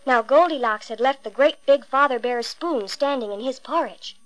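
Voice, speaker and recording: A woman with a high voice reads a classic fairy tale aloud. Her storytelling is expressive and emphatic, pressing on the key words. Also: normal speed, rough recording.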